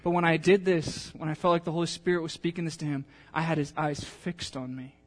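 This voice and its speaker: A man's voice: on the high side, fairly even intonation, brisk. A male pastor preaching a sermon, telling a personal story in a chatty, emotional way with many fillers, then reading scripture aloud.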